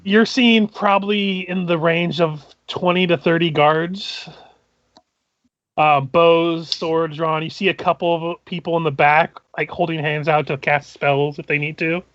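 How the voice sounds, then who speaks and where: A man serving as game master who narrates a tabletop game, describing scenes in a halting, methodical way. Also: on the high side, fairly even intonation, a bit bright, dry recording, dull audio.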